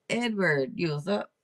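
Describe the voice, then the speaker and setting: A woman hosting a casual livestream tarot reading, talking to viewers in a direct, playful, teasing way. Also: fairly low pitch. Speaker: tarot reader and livestream host.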